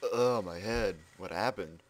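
A man giving casual let's play commentary, excitably exclaiming and narrating what he does in the game. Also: fairly low pitch, measured pace. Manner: excitable, exclaims and narrates his own actions. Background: game music.

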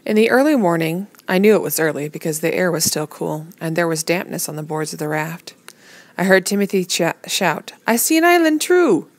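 A woman reading a novel aloud in a measured, plain storytelling manner. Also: deep voice, dry recording. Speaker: reader.

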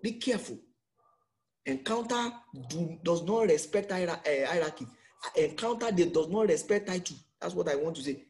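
A man's voice: high-pitched, darkish tone. A man with a Nigerian accent preaching an emphatic sermon as pastor, full of rhetorical questions.

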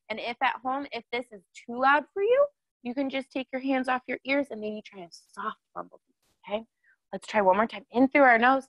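A woman's voice: a little high, fairly bright tone, dry recording. A woman leading a children's yoga class, cheerful and encouraging, asking the kids questions as she guides their breathing.

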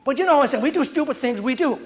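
A man's voice: very high voice, lively intonation, very fast. A middle-aged man from Ireland doing a stand-up comedy routine, telling punchy bar jokes and laughing at his own lines.

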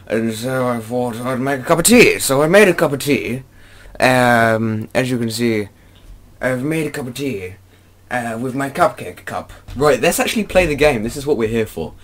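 A young British man giving playful Let's Play commentary, breaking into frustrated shouts. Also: mid-range voice, lively intonation, moderate pace. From Britain. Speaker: gaming YouTuber.

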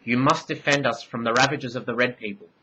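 A man's voice: mid-range voice, a little fast, sharp tone, slightly rough, poor audio. A man voicing a young Minoan priestess, speaking earnestly and pleading in a raised voice.

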